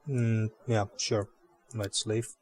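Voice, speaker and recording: A man's voice: on the low side, flat delivery, slow, darkish tone. A man giving casual gameplay commentary, thinking aloud in a hesitant way with fillers. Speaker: let's play host.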